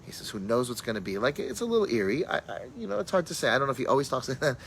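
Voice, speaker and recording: A rabbi with a medium-pitched, fairly bright voice talks rapid-fire with big pitch swings over slight background noise on a rough recording. Teaching a casual Torah class, he tells stories laced with Hebrew and Yiddish terms, thinking aloud with fillers and restarts.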